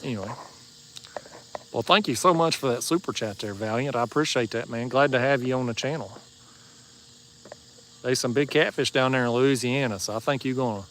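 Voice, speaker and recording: A man with a relaxed East Tennessee Southern drawl talks easily through a fishing livestream, folksy and joking as he answers his viewers. His voice sits in an ordinary middle register. He is recorded outdoors at night, with faint crickets and insects chirping behind him. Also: medium pitch, a little fast, long pauses, slight background noise. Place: outdoors at a marina bank at night.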